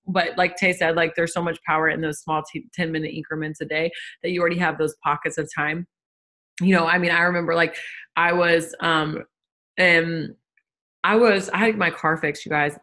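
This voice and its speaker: A woman's voice: fairly low pitch, a bit bright. A young woman co-hosting a group call, chatting casually and loosely with frequent fillers. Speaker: co-host of a business team call.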